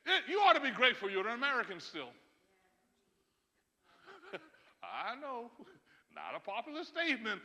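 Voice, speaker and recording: A man's voice: very high-pitched, huge pitch swings, normal speed, pauses often, sharp tone. A man pastor preaching a sermon to his congregation, emphatic, with chuckles and asides to the listeners. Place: church sanctuary. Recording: long church hall reverb.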